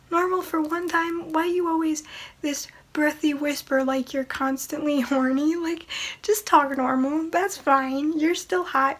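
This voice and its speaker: High-voiced woman giving a slow, chatty movie review. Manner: chatty, opinionated, exasperated asides. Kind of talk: casual film review.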